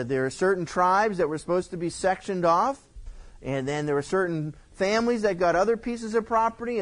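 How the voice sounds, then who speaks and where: A male pastor teaching through a Bible passage verse by verse in a casual, explaining way with frequent asides. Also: high voice.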